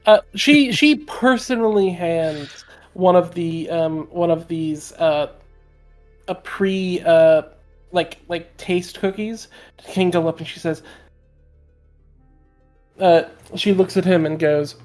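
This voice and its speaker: A woman describes her character's actions in a tabletop game, pausing often with fillers. Her voice sits low, with faint music in the background. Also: a little mellow. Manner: hesitant, full of fillers. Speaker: player. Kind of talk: tabletop role-play.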